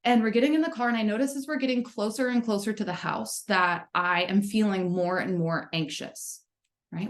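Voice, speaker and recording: A woman's voice: medium pitch, fairly quick. A young adult woman leading a spiritual gathering, telling a personal story in a candid, casual way with frequent swearing and check-ins with her listeners. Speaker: spiritual community leader. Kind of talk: casual spoken sermon.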